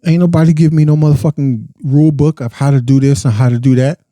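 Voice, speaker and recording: A man's voice: fairly high pitch, fairly even intonation, quick pace, mellow, no room sound. A young adult man hosting a podcast, giving a blunt, profane, impassioned casual monologue. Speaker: podcast host.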